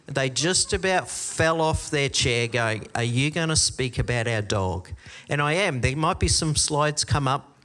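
A middle-aged Australian man preaching a sermon, telling stories with lively quoted voices. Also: a little high. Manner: storytelling, animated quoted voices. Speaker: pastor.

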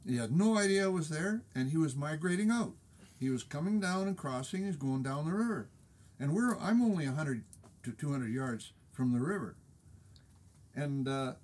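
A man recalling a hunt in casual, earnest, slightly halting talk. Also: on the high side, a little mellow. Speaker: guest hunter. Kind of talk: casual storytelling.

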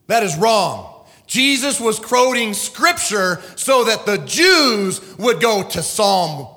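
A middle-aged man preaching a sermon at the pulpit, emotional, swinging from shouts to hushed asides. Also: high-pitched, gravelly, in a large hall. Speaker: pastor. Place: church sanctuary.

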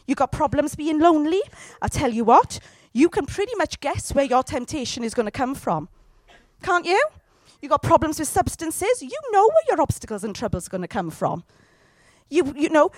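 Lively woman preaching a sermon. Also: sits high, no room sound. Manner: lively, direct questions to the congregation.

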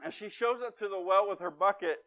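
A man's voice: high-pitched, brisk, a bit bright. A man preaching a conversational sermon, retelling a story with wry, emphatic asides. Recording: dull lo-fi recording.

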